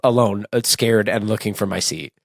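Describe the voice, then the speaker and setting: A man co-hosting a podcast, chatting casually and telling animated, self-mocking stories with profanity. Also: lowish voice, moderate pace, creaky, no echo, studio quality. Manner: animated storytelling, acts out his own scared drunken voice in quotes. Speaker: podcast co-host. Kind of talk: casual chat.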